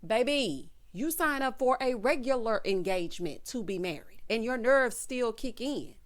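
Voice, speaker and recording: A woman's voice: fairly high pitch, animated, moderate pace. A woman hosting a casual, sassy recap of a reality show, calling her viewers child and honey.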